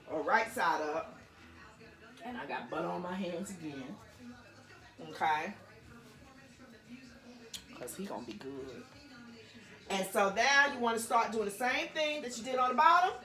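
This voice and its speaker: A woman's voice: mid-range voice, pushed and bright, echoey room. A woman vlogger cooking in her home kitchen, chatting playfully to viewers with laughing asides. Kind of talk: casual cooking demonstration.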